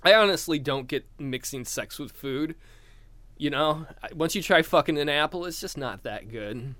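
Young guy doing solo standup, high bright voice jumping all over, dry close mic, keeps cracking himself up. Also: expressive, normal speed, no room sound. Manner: rambling, self-mocking, laughs at own jokes, profane. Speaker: stand-up comedian. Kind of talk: improvised solo stand-up without audience.

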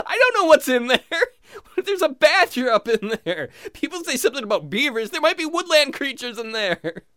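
Man putting on a shrill whiny mocking voice. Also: expressive, brisk, creaky, pushed and bright, no echo, studio quality, exaggerated voice. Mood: panicked. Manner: squealing, mocking, over the top. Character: whiny exaggerated imagined listener, shrill.

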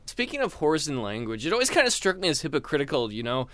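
Young west virginia guy doing crude standup, high bright voice, dry sound. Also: very animated, quick pace, dry recording. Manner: crude, jumps into shrill put-on voices. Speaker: stand-up comedian. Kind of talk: stand-up comedy set.

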